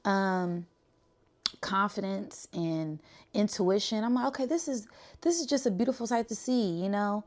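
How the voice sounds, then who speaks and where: A woman from the Bay Area who tells a spiritual story in a casual, animated way and keeps checking in with "right?". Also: mid-range voice, unhurried. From Bay Area, California. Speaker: spiritual channel host.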